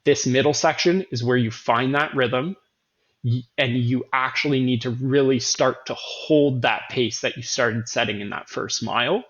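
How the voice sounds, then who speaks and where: A man's voice: mid-range voice, normal speed, fairly bright tone, dull audio. A man hosting a casual running talk, earnest and emphatic, often repeating words and correcting himself mid-sentence. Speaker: running coach host.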